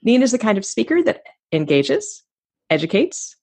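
A woman's voice: fairly high pitch, big pitch swings, normal speed, a little mellow, husky. A woman hosting a podcast interview, speaking with effusive enthusiasm. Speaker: podcast host. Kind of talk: interview conversation.

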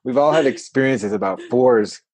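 A man's voice: medium pitch, moderate pace, darkish tone, no room sound. A man in his forties talking as a podcast guest over a remote call, rambling with lots of "like" fillers. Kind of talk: casual conversation. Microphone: remote call recording.

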